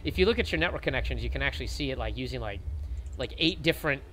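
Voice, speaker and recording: A man's voice: medium pitch, expressive, very fast, bright, forceful tone, a little hiss or hum. A man casually commentating a video game match on a live stream, joking and rambling, with "like" in every line. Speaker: esports commentator.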